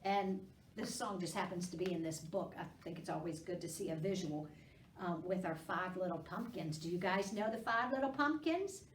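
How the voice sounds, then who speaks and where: A woman, a children's librarian reading storybooks aloud with gentle, encouraging warmth. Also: on the low side, a little hiss or hum. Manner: gentle, encouraging, slow and sing-song with kids. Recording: roomy, distant library recording.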